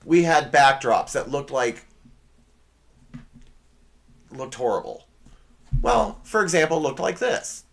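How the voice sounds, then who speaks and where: A man hosting a comedy podcast, talking through a casual monologue with sarcastic, rambling asides and quick self-corrections. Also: fairly high pitch, big pitch swings, vocal fry. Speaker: podcast host.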